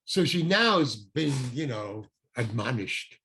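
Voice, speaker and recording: An older man, a guest actor, telling an anecdote in an animated way and acting out the people he quotes. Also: mid-range voice, a little slow, creaky, hardly any pauses, breathy edge. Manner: animated, acts out quoted voices. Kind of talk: anecdotal storytelling.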